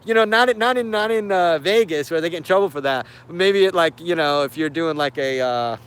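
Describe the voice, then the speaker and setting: Animated high-voiced man hosting a stream. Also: brisk, clean tone. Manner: animated, laughing, sarcastic, many fillers. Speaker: host. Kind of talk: casual live-stream commentary.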